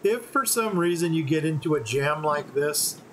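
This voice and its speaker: A man giving relaxed, step-by-step commentary on a game playthrough. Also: on the high side, normal speed, a little hiss or hum, rough recording. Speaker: gaming channel host.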